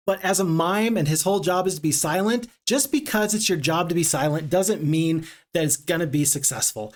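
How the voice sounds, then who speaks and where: A man live-streaming a strategy game, chatting with viewers in a casual, expressive way and exclaiming often. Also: on the high side, fairly quick, hardly any pauses.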